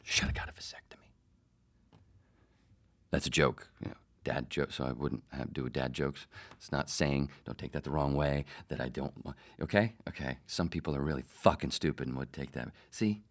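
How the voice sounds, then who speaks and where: A middle-aged man with a bass voice, speaking at normal speed, hosts a podcast and tells a profane story from his days as a radio producer. The monologue is casual and animated, and he acts out the quotes.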